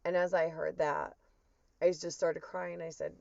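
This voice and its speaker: A woman's voice: lowish voice, expressive, measured pace, gravelly, dry recording. A woman earnestly retelling a personal spiritual experience as a testimony, with emotion in her storytelling. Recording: dull, muffled dry recording.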